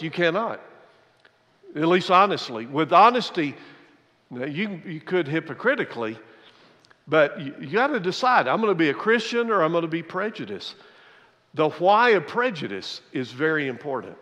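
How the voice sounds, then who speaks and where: A man's voice: on the high side, sing-song, normal speed, a bit bright. Emphatic male pastor preaching in a reverberant hall. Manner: emphatic, repeats key phrases for effect. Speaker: senior pastor. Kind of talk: sermon.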